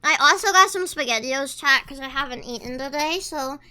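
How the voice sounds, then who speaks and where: A woman's voice: high-pitched, moderate pace, bright, forceful tone. A woman streamer chatting casually with her chat, reading messages aloud and talking while she eats. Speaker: livestreamer.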